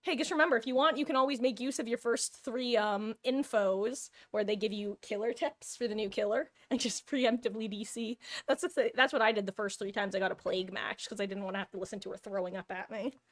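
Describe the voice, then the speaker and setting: A woman's voice: medium pitch, quick pace, hardly any pauses. A woman streaming live, chatting casually and cooing over her cat between game talk.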